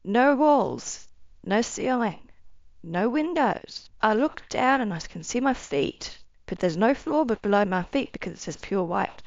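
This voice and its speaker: A woman giving an earnest, emotional personal testimony, her phrases often trailing off softly. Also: mid-range voice, expressive, measured pace, dry recording, muffled recording. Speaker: near-death experience storyteller.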